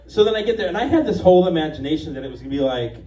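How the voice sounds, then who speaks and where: A man's voice: fairly high pitch, sing-song, very fast, dark tone, recorded from a distance. Chatty comedian man, echoey room. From Los Angeles area, USA. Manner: chatty, confident, self-mocking storytelling. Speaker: stand-up comedian. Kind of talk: live stand-up set. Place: stage of a bar. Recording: echoey bar room from afar, faint noise.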